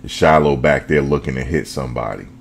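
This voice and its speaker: A man hosting a fan show, talking football in a casual, animated way, full of slang and repetition. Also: extremely low pitch, fairly quick, vocal fry, slightly rough. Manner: animated, repeats himself, slangy.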